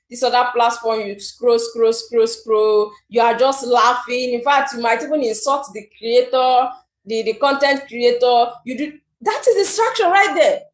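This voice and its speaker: A woman giving a motivational talk to viewers, animated and acting out the people she describes. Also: high-pitched. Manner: animated, acts out imagined people. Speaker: motivational speaker. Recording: roomy echo.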